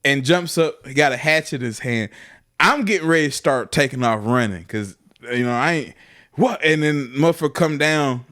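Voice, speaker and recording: Laughing, animated man. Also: a little high, moderate pace. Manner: profane, laughing storyteller. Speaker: podcast co-host. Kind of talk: casual storytelling.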